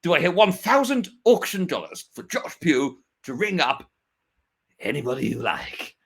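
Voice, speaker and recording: A man's voice: a little high, sing-song, normal speed, gravelly, fairly bright tone, low-quality recording. A man hosting a comic online auction, bumbling and hesitant with many fillers but playful. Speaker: comedy auctioneer host.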